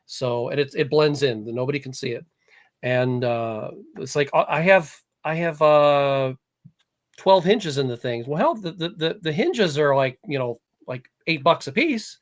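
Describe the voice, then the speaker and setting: Chatty man, slightly high voice. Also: animated, unhurried. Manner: rambling, chatty storyteller. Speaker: podcast co-host. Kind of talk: casual livestream chat.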